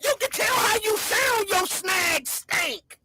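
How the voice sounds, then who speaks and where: Woman host, very high and bright voice, loud mocking livestream roast. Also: lively intonation, slow pace. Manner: loud, mocking, shouting insults. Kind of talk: insulting livestream rant.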